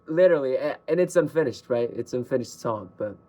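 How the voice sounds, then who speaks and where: A man, a singer-songwriter, chatting casually between his own songs in an excited, rambling, self-mocking way. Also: mid-range voice, a little fast, few pauses. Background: acoustic guitar.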